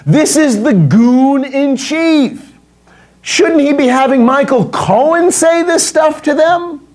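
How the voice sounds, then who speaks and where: A middle-aged American man hosts a political commentary rant. His voice sits high for a man and swings widely in pitch. He sounds indignant, sarcastic and openly profane. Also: lively intonation, slow pace, a little mellow. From United States.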